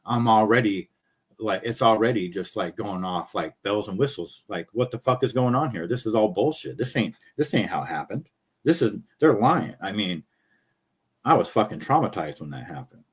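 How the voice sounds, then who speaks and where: Host, male, lowish voice, rants bluntly and swears a lot, hoarse from talking. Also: expressive. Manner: blunt, profane, fast-talking. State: losing his voice. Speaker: show host. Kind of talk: casual ranting commentary.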